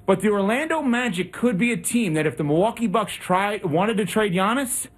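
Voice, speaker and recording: Breathless, husky-voiced sports radio man. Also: high-pitched, moderate pace. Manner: animated, talkative analysis.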